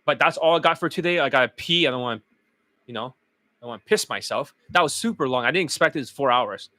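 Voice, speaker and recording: A dating coach streaming live, lecturing bluntly and with heavy profanity, his voice getting hoarse. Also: medium pitch, expressive, fast talker, sharp tone, dry recording. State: losing his voice. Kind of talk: livestream rant.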